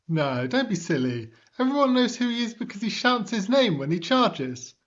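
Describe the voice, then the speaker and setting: This is a man with a notably high voice, telling a story with grand, gushing theatrics as part of a comic sketch dialogue. The recording sounds a little dull and lo-fi. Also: very animated, normal speed, a bit bright. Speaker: co-presenter pitching a story.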